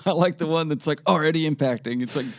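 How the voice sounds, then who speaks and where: A man's voice: fairly high pitch, quick pace. Wry male podcast co-host. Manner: wry, dry humor. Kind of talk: casual news chat and reading old stories.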